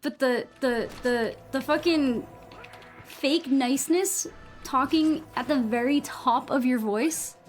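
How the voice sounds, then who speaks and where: A woman's voice: high-pitched, slow, soft background music. A young woman with a New England accent chatting casually while gaming on a live stream, rambling, saying "like" a lot and swearing freely.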